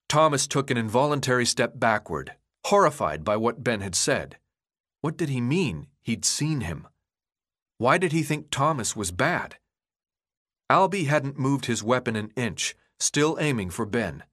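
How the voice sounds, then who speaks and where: Expressive male audiobook narrator. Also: mid-range voice, a little slow, dry recording, studio quality. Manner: expressive, energetic reading.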